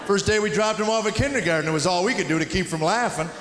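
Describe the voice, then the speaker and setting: A middle-aged man from Tennessee doing a stand-up routine, telling family stories in a deadpan way with quick acted-out quotes. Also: high-pitched. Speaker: stand-up comedian. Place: comedy stage before a live audience. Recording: echoey hall with audience noise.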